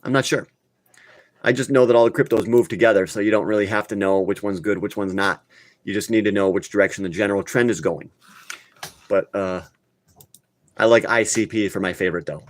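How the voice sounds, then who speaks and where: A man's voice: fairly low pitch, fairly even intonation, a little fast, pauses often, no echo. A man hosting a live crypto talk stream, talking casually and bluntly, getting worked up and scolding his viewers. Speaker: crypto channel host.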